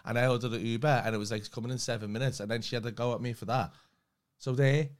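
A man's voice: mid-range voice, fairly even intonation, fast talker. Exasperated man ranting. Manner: exasperated ranting, swears a lot. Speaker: podcast co-host. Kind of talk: casual chat.

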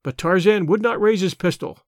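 A male audiobook narrator tells the story in steady, clear, scripted narration. His voice sits high for a man. The sound is dry and close, with no room echo. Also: a little fast.

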